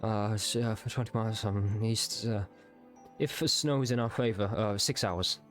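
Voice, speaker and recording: A man's voice: on the low side, fairly even intonation, moderate pace, faint music behind, lightly acted. A man voicing a young, exhausted male soldier who stammers and gasps as he reports. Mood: shaken, stammering. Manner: breathless, stammering, gasping.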